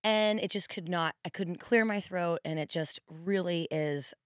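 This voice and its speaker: A hoarse woman in her forties hosting a podcast, chatting casually and rambling with quick asides. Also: fairly low pitch, dry recording, clean studio sound. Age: 40s. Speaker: podcast host. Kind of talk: casual monologue.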